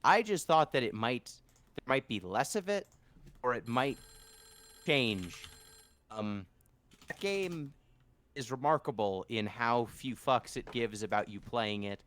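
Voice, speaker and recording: A man's voice: medium pitch, expressive, a little slow, long pauses, fairly bright tone. A man co-hosting a game stream, chatting casually with a dry, joking manner. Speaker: stream co-host. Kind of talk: casual chat.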